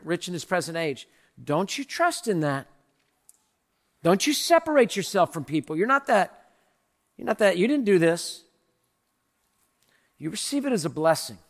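A man preaching a sermon as pastor, emphatic and repetitive with a joking streak, closing in a softer spoken prayer. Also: on the high side, big-room sound.

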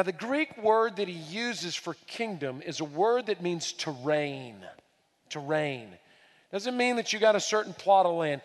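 A man preaching a sermon with emphasis, repeating key phrases and swinging between hushed and loud delivery. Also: sits high, big-room sound. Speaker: pastor.

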